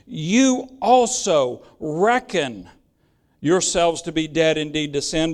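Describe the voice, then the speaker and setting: A man's voice: high voice, smooth. A man preaching a sermon and explaining Bible verses, earnest and emphatic, repeating phrases for stress.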